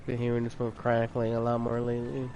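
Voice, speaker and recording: A man playing a game and chatting casually into a headset in quiet asides. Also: medium pitch, completely flat delivery, quick pace, lo-fi sound, faint music behind. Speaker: gamer playing and voicing the dialogue. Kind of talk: casual commentary.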